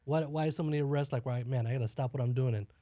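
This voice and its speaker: A male podcast host rattles off questions quickly, teasing and blunt. His tone is mellow rather than bright, and the recording is dry and close. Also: medium pitch, steady tone, no room sound. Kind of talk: casual interview chat.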